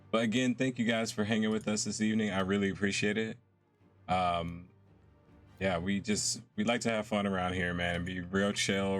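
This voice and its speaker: A relaxed young man talks through his game stream in an easygoing, chatty way, laughing often. His voice sits fairly low, and faint game music plays behind him. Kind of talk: casual live-stream chat while gaming.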